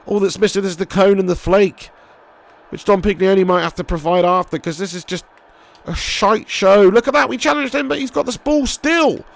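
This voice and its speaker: A young man live-streaming a football game, commentating excitably, swearing freely and chatting with viewers. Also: high-pitched, normal speed, vocal fry.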